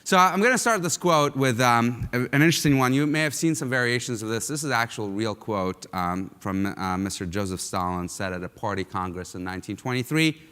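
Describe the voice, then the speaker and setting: A man's voice: mid-range voice, animated, brisk, few pauses, a bit bright, smooth. A man from Russia giving a conference keynote, talking conversationally with frequent ums and uhs. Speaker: keynote speaker. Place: large lecture hall. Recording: long hall reverb.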